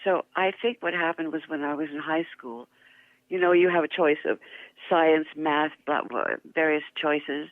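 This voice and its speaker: An older woman, a guest actress, telling lively anecdotes in an interview, laughing often and poking fun at herself. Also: deep voice, moderate pace, no room sound. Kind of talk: interview storytelling. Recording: tinny phone line.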